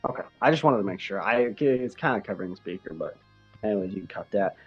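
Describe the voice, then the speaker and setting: A man's voice: lowish voice, animated, fast, breathy edge, dull audio, soft background music. A man co-hosting a casual sports podcast, rambling with many fillers and restarts. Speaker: podcast co-host.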